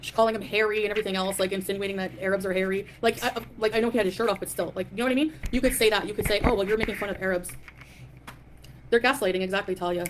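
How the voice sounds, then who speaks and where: Her medium-pitched voice holds a steady tone even as she races along, with slight background noise in the mix. She hosts a live stream, welcoming people in chat and ranting casually with a defiant, dismissive attitude.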